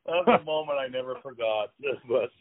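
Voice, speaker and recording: A man's voice: mid-range voice, normal speed. Man telling stories over a tinny line. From Canada. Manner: rambling, many fillers and restarts, chuckling. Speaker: former player, guest. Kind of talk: casual storytelling. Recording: tinny phone-like dry line.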